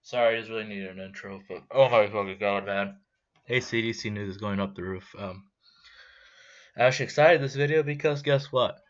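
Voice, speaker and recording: A man's voice: on the low side, fairly quick. A young man ranting angrily in a vlog, swearing and rambling in a heated way. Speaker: vlogger. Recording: dull lo-fi sound.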